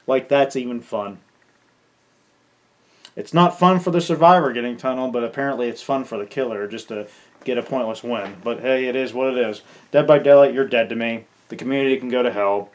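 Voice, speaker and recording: Pissed off gamer guy ranting at the camera, swearing, tripping over his words, mid-pitch voice. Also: a little fast. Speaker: gaming content creator. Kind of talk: angry farewell rant to camera.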